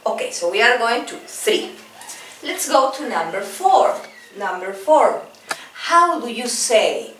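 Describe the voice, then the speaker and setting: A woman whose first language is Spanish runs a bilingual English lesson, stretching each practice phrase out slowly before hurrying through the explanations. She sits a bit back from the mic, so the room rings around her voice. Faint background noise runs underneath. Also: fairly high pitch, lively intonation, a bit bright, echoey room, distant mic, rough recording. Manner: slow, over-articulated drill repetitions, quicker Spanish explanations. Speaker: English teacher.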